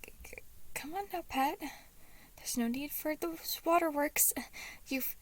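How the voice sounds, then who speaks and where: A woman reading aloud and voicing a gentle, fatherly man who is anxious and tearful, with a shaky, sniffling manner. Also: high-pitched, expressive, moderate pace, voice pushed up. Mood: tearful, whispering. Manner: shaky, sniffling, forced cheerfulness.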